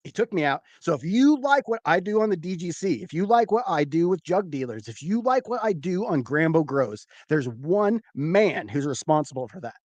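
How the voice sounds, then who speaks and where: A man hosting a show, telling a rambling, animated personal story with swearing. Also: on the high side, moderate pace, few pauses, no room sound. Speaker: show host, former comedian. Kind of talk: casual storytelling.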